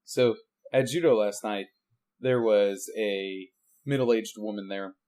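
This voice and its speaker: A man's voice: on the low side, slow, darkish tone. A man co-hosting a casual podcast, laid-back, asking questions and walking through martial arts moves step by step. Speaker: podcast co-host. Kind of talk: casual chat.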